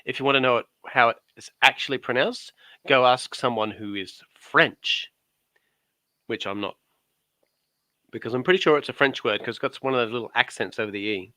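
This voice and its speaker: Male guest, joking storyteller, sharp bright tone. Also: medium pitch, moderate pace, dry recording. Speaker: guest on his wife's craft channel. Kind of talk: casual chat.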